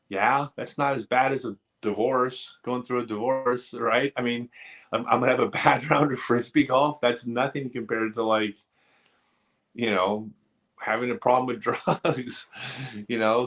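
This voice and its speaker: A man's voice: on the low side, fairly bright tone. A man hosting a live stream, answering viewer questions in a candid, earnest, casual way, sometimes joking and teasing. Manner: candid, earnest advice-giving.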